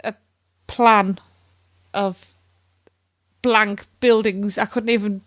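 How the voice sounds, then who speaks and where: A woman co-hosting a podcast, chatting in a lively way and reading out descriptions. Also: medium pitch, takes it slowly, no echo, studio quality. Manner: lively, laughs often, reads out descriptions. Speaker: podcast co-host. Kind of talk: casual chat.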